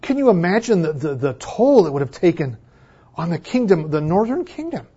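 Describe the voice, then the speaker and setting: A man preaches a sermon to his church in a high voice, rising to loud exclamations and dropping to hushed near-whispers. The recording sounds dull and lo-fi. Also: very animated, normal speed, slightly rough. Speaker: pastor.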